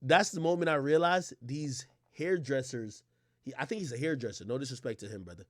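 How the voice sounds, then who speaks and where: A man streaming, telling a story in a profane, animated rant and shouting at its peaks. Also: mid-range voice, fairly quick, no echo, studio quality.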